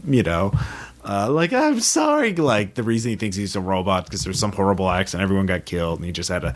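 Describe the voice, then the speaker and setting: Low-voiced man rambling casually on a podcast. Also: steady tone. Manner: loose, rambling, quick to agree. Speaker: podcast co-host. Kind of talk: casual chat about role-playing games.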